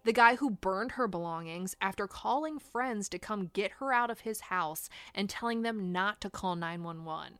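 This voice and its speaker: A woman's voice: mid-range voice, normal speed, hardly any pauses, fairly bright tone, no echo. A woman hosting a true crime podcast, reading a scripted account in a blunt, indignant way and swearing for emphasis.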